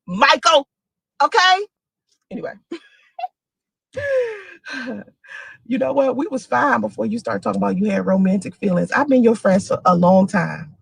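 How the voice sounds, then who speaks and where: Woman in her forties, lively storytelling, laughs often, dry close sound. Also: vocal fry, breathy edge, dry recording. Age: 40s. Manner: animated, laughing, dramatic pitch swings. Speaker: single mother telling stories to a friend. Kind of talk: casual monologue video.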